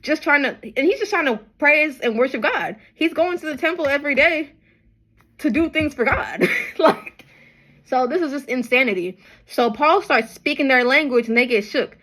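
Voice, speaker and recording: A young woman from Nigeria retelling a Bible story in casual slang, acting out the people in it with lively quoted voices. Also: moderate pace, rough recording. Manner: animated, acts out crowds with high-pitched quoted voices and slang. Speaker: bible study vlogger.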